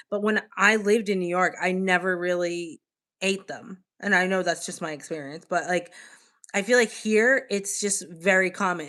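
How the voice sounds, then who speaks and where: Bright, chatty young woman streamer. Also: lowish voice. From United States. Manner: chatty and animated, full of "like" fillers. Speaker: livestream host. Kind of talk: casual livestream chat, reacting to viewer comments.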